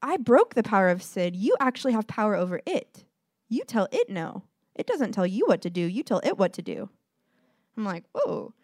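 A woman's voice: medium pitch, very animated, normal speed, a little mellow, no echo, studio quality. A woman giving an informal, earnest sermon, talking conversationally to her listeners and acting out little dialogues. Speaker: preacher.

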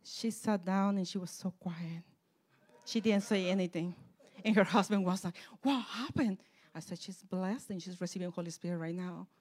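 A woman preaching and telling a personal testimony, fervent, dropping soft and then rising loud. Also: on the low side, moderate pace. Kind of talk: sermon testimony.

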